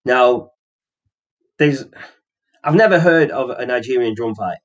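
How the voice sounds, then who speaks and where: A man's voice: mid-range voice, lively intonation, a little slow, highs cut off. A man co-hosting a wrestling podcast, chatting casually with frequent ums and restarts. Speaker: podcast co-host.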